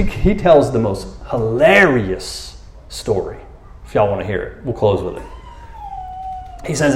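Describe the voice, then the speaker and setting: A man's voice: on the low side, darkish tone, reverberant. A man preaching a casual, conversational sermon, acting out quoted voices as he goes. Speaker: pastor.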